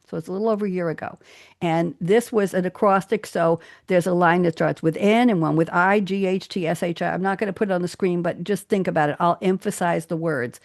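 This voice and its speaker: An older woman hosting a live talk show with exuberant, theatrical energy. She chats warmly with her guests and reads her own verse with dramatic emphasis. The sound is close and dry. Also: fairly low pitch, dry recording. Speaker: host.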